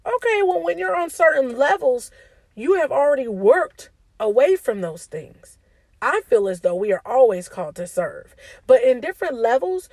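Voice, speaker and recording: Preachy woman with a high, dry voice. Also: a little mellow, no room sound, poor audio. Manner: preachy, repeats "okay?", casual speech. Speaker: faith speaker. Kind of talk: informal devotional talk.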